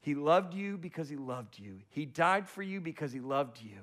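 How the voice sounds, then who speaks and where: Male pastor mid-sermon, emphatic and repetitive, pitched a bit high. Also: animated, normal speed. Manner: emphatic, repetitive preaching with rhetorical questions.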